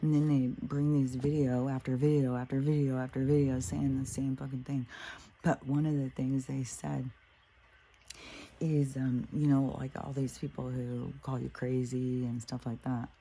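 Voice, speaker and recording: A woman's voice: rumbling low, flat delivery, normal speed, warm tone, a little hiss or hum. A woman talking in a casual, rambling monologue, laughing often and swearing freely. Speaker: spiritual vlogger.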